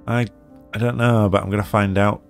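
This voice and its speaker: A man's voice: flat delivery, a little fast, gravelly, faint music behind. A man reading a weary raccoon detective. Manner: tired, low-key. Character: weary male raccoon private eye.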